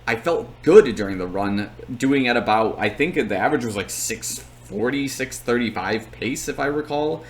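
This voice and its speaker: A man's voice: mid-range voice, animated, normal speed, hardly any pauses. A young man talking casually and at length, with plenty of fillers, as he recaps his race on his channel. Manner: chatty, rambling, lots of fillers.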